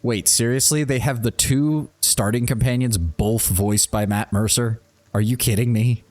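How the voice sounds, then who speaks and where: A man's voice: mid-range voice, steady tone, normal speed, darkish tone. A man streaming a role-playing game who chats casually, rambles, laughs, and reads the on-screen text aloud. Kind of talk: casual gameplay commentary and reading game text.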